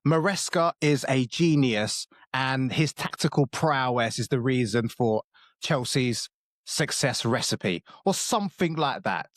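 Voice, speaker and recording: A man's voice: medium pitch, animated, a little slow, no echo, studio quality. A man co-hosting a football podcast, talking bluntly, swearing and joking in casual chat.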